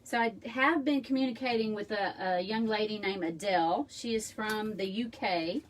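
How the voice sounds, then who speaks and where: A woman with a medium-pitched voice speaks at a moderate pace while hosting a casual live craft tutorial from home. She chats and rambles, tossing friendly asides to viewers, captured by a distant room mic with faint background noise.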